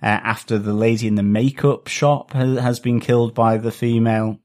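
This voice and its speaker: A man's voice: mid-range voice, fairly even intonation, moderate pace, a little mellow. A man co-hosting a podcast, talking through a show in a loose, hesitant way and chuckling often. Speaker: podcast co-host. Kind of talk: casual review chat.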